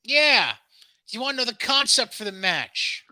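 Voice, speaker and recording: Brief: brassy, bright-toned male podcast co-host, pitch swinging all over, swears freely, dry close mic. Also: moderate pace, no room sound. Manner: profane, teasing, lively storyteller. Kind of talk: casual wrestling podcast chat.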